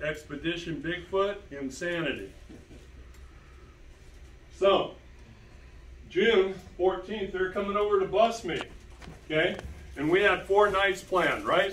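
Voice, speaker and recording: A man giving an animated storytelling talk to an audience, emphatic and repeating key words. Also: a little high, reverberant, far from the mic, a little hiss or hum, rough recording. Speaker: speaker presenting to an audience.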